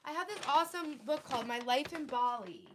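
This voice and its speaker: Lively, playful woman chatting on a livestream. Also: high voice, a little fast, background noise. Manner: chatty, playful, talks to viewers. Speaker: livestream host. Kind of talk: casual livestream chat. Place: home, indoors.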